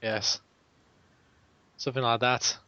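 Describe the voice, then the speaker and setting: A man's voice: mid-range voice, level tone, slow pace, pushed and bright, clear, resonant tone, dry recording, highs cut off. A man hosting a gaming podcast, chatting casually with jokey, teasing banter. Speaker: podcast host. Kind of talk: casual chat.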